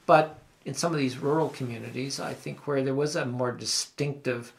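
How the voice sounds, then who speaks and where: Older gravelly Ottawa Valley man, rambling host. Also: mid-range voice, steady tone, normal speed, a little hiss or hum. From Ottawa Valley, Canada. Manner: rambling, with restarts and asides. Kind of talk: reflective conversational storytelling.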